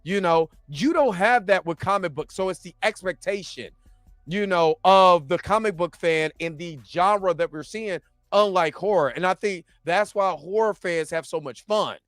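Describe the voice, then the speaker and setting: A man's voice: high voice, moderate pace, a bit bright, no echo, clean studio sound, faint music behind. A man co-hosting a podcast, talking in a laid-back, rambling way with lots of fillers. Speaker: podcast co-host. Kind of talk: casual chat.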